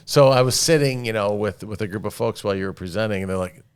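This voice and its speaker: A man's voice: on the low side, fast, clean tone. A man in his fifties hosting a podcast interview in an upbeat, enthusiastic, chatty way. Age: 50s. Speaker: podcast host. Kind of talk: casual interview chat.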